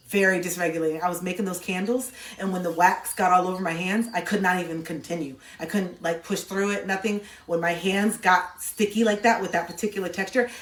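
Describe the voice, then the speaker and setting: Playful female streamer, casual chat to viewers, animated, goofy sound bits, echoey room. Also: on the low side. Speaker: livestream host talking to chat.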